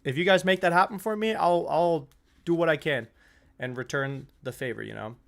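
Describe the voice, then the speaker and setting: A young man hosts a live football watch-along stream, his voice a little high and creaky at a moderate pace. He chats casually, swears freely, and gets worked up over the play, shouting and laughing when goals go in.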